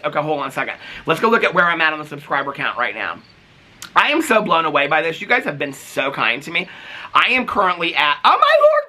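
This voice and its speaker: A man from Indiana vlogging about reality TV in a casual, animated, gossipy way with big swings in his voice. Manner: animated and dramatic, gossipy, big pitch jumps. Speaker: reality TV commentator. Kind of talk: casual chatty vlog.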